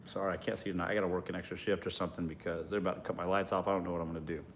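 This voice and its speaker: A man's voice: medium pitch, fairly quick, slight background noise, natural voice. A man voicing a woman fretting helplessly to her boyfriend about bills she cannot pay, in a whiny, pleading manner. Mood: hushed worry.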